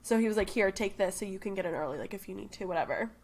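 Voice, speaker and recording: A woman's voice: mid-range voice, rapid-fire. A young woman co-hosting a podcast, chatting casually in an upbeat, gushing way. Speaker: podcast co-host. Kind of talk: casual chat.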